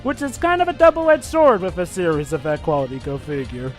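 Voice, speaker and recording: Guy talking games, really bouncy pitch, little music in the back. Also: wildly swooping pitch, fairly quick. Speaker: let's play commentator. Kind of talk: casual gaming chat.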